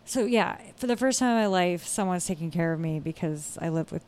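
A woman co-hosting a podcast in casual chat, chatty and quick to laugh. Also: lowish voice, expressive, a little mellow. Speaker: podcast co-host.

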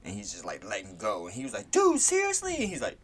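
A man co-hosting a casual podcast, animated and jokey, with casual swearing. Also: low voice, quick pace, slightly rough. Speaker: podcast co-host.

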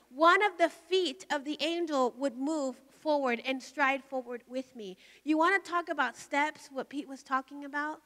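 A woman's voice: high voice, pushed and bright. A middle-aged woman pastor telling a testimony in a sermon, emotional and storytelling with rising intensity. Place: large hall at a conference. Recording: long hall reverb.

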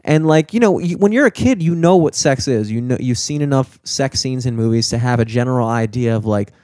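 A man's voice: mid-range voice, fairly quick, darkish tone, dry recording, studio quality. A young man in casual chat, rambling and swearing, with lots of filler words.

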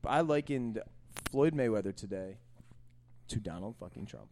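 Male podcast host, loose and profane, ranting with big swings in pitch. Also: animated, moderate pace, a little mellow, slight background noise. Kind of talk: casual chat.

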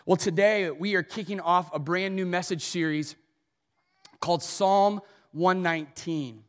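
A man preaching a sermon as pastor, telling funny self-deprecating stories in an animated way. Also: high voice, normal speed, big-room sound. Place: church auditorium.

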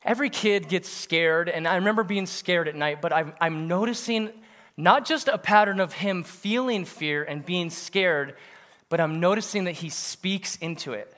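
A man in his thirties preaching a sermon, animated and punchy, with bursts of laughter. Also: high voice, moderate pace. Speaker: pastor. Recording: long hall reverb.

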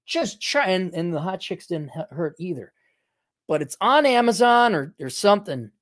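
A man's voice: high-pitched, sing-song, normal speed, a bit bright, dry recording, studio quality. A man hosting a talk show, in a rambling, casual commentary that is profane and full of restarts. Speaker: show host.

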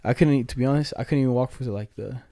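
A man's voice: mid-range voice, racing, warm tone, no echo. Slangy young man telling stories. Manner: slangy, profane, laughing storyteller. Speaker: storyteller among friends. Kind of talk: casual chat.

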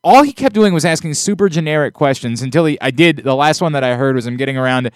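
Smooth-voiced exasperated male podcast host. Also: on the high side, expressive, fast, no echo, clean studio sound. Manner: rambling, exasperated, restarts often. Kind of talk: casual chat.

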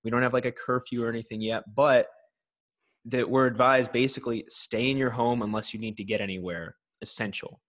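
Relaxed, reflective male podcast guest. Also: mid-range voice, fairly quick. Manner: relaxed, reflective, some stammered restarts. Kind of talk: casual chat.

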